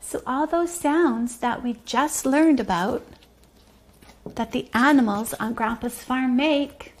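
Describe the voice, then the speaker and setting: A woman's voice: high voice, takes it slowly. A woman teaching preschoolers, singing simple farm songs, imitating animal sounds and patiently encouraging the children. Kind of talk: sing-along lesson for preschoolers.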